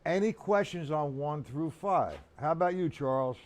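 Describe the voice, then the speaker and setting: Older male drum teacher on a live stream: chatty, instructive, fairly high voice with lots of pitch movement. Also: animated, moderate pace. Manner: chatty, instructive, addresses viewers by name.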